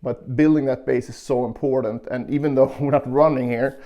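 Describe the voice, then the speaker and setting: Man, guitar teacher, gravelly mellow voice, methodical, counts beats aloud, faint guitar behind. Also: medium pitch, fairly even intonation, moderate pace, dull audio. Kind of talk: casual guitar lesson. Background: guitar playing.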